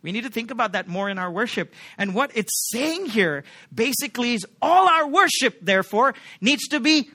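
A man's voice: extremely high pitch, lively intonation, normal speed, few pauses, sharp tone. A man preaching a sermon as pastor, emphatic, often asking the congregation questions like "right?".

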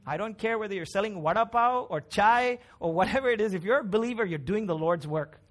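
Middle-aged pastor, man, higher-pitched, chatty yet emphatic preaching. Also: expressive, brisk. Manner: conversational, emphatic preaching with frequent tag questions. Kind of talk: sermon.

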